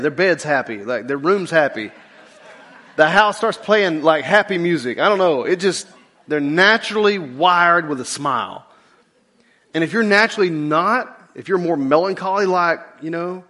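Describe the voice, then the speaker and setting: A man's voice: on the high side, fairly bright tone. Casual conversational male pastor preaching. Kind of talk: sermon.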